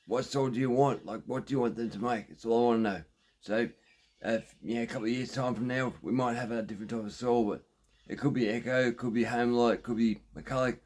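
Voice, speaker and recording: Aussie bloke in his shed, husky voice, rambly and halting, lots of ums. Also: fairly low pitch, a little mellow. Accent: Australian. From Australia. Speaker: chainsaw vlogger. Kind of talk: casual workshop vlog. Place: home shed.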